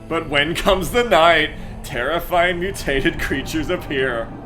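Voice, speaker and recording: A man voicing a grave epic trailer narrator, reading in a slow, drawn-out dramatic way. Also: on the high side, over music, voice pushed up. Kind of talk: mock-epic reading of a game intro.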